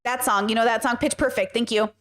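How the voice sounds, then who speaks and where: Blunt, emphatic woman host, higher voice. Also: fairly even intonation, fast talker, fairly bright tone, soft background music. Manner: blunt, emphatic, swears freely. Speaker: podcast host. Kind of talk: casual commentary stream.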